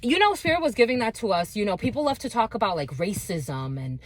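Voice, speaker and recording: A woman's voice: mid-range voice, big pitch swings, fast. A woman giving an intuitive spiritual reading to her viewers, blunt and heavily profane as she rants. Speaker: spiritual reader.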